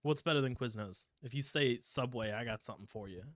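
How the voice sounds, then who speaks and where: Brief: Midwestern male podcaster, dry close mic, casual and animated. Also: mid-range voice, fairly quick, no room sound. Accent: Midwestern American. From Ohio, USA. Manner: animated storytelling, swears casually. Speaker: podcast co-host. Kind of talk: casual chat.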